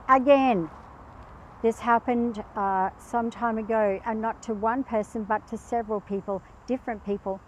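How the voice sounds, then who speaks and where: A woman chatting as a pet behaviour guest, telling animated anecdotes and acting out the quotes in them. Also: on the high side, moderate pace, a little hiss or hum, rough recording. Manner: animated storyteller who acts out quotes. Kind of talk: casual chat with anecdotes.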